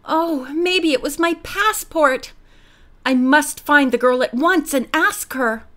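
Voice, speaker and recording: A woman's voice: sits high, slow pace, bright, forceful tone, pitched above the performer's own voice, full character voice. A woman reading as an anxious teenage girl sleuth. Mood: worried.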